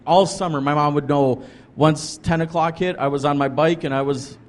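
On the high side, with fairly even intonation and a moderate pace, a guest pastor and ministry leader describes his ministry. The telling is casual and earnest but rambling, filled with restarts and "like."

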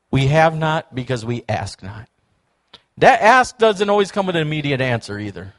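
In a somewhat high voice at normal speed, a male pastor delivers a church sermon. He tells stories with animation and performs the quoted voices himself.

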